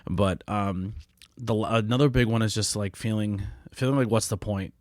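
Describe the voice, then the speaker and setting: A man's voice: fairly low pitch, normal speed, darkish tone, no room sound, studio quality. A man in his late thirties hosting a solo podcast, talking candidly in a blunt, profane, heartfelt and rambling way. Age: late 30s. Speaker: podcast host.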